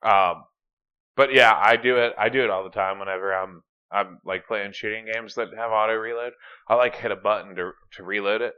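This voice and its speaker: A man's voice: on the low side, brisk, clear, resonant tone. A man co-hosting a podcast, talking casually with lots of fillers and swearing. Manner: profane, filler-heavy, energetic. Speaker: podcast co-host. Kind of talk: casual chat. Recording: dull lo-fi mic.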